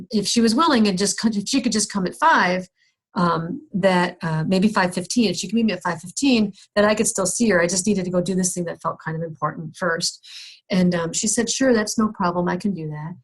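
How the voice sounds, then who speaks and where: A middle-aged woman counselor telling a candid, self-deprecating personal story in a skills workshop, with many restarts and fillers. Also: mid-range voice. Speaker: counselor teaching a skills session.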